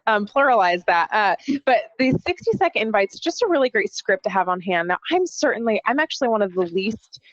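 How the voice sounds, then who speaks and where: A woman's voice: mid-range voice, big pitch swings, brisk, hardly any pauses, dry recording, highs cut off. A woman presenting at a team training webinar, chatty and candid, often saying "you know what". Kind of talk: casual training talk.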